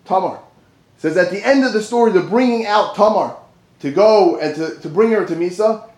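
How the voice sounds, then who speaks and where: High-voiced animated man teaching Torah. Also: moderate pace. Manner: animated, dips low for asides and rises for emphasis. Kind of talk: Torah class. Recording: roomy echo.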